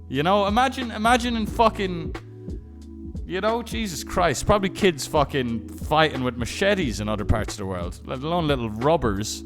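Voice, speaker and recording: High-voiced man rambling on stream. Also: lively intonation, moderate pace, over music. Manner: rambling, profane storytelling with many restarts. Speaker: live streamer. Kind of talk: casual chat.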